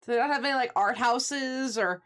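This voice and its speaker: A woman's voice: a little high, fairly quick, fairly bright tone. A woman streamer chatting and joking while she plays a game. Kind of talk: casual game commentary.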